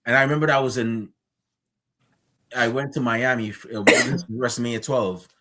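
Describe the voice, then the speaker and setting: A man's voice: mid-range voice, fairly even intonation, moderate pace, background noise. A man from Guyana hosting a casual interview who tells a personal story in a conversational way. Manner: conversational, retells stories with acted-out quotes. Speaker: interview host. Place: streamed remote interview.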